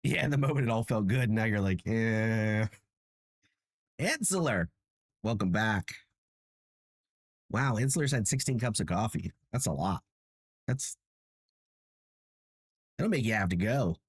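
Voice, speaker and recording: A man's voice: fairly low pitch, animated, normal speed, long pauses, breathy edge, dry recording, clean studio sound. A tired young man hosting a livestream, chatting casually with viewers in a self-mocking way and laughing often. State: tired and achy. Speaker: livestream host.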